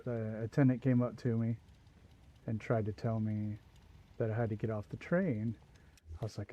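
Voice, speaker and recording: A man's voice: lowish voice, fairly even intonation, moderate pace, gravelly, long pauses, warm tone. A man hosting a livestream, telling a long casual anecdote with asides as he plays. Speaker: livestream host. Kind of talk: casual storytelling while gaming.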